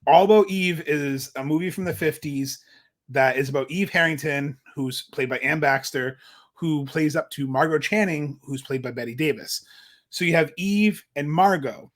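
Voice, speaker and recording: A young adult man co-hosting a podcast in casual chat, animated and acting out quotes in put-on voices. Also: a little high, normal speed. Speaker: podcast co-host.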